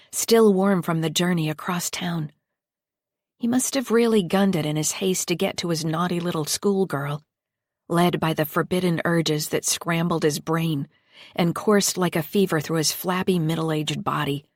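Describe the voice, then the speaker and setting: A woman with a lowish voice reads a first-person thriller audiobook in a measured, deliberate way. The recording is dry and close, with no room sound. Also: no room sound. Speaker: audiobook narrator. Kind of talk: scripted narration.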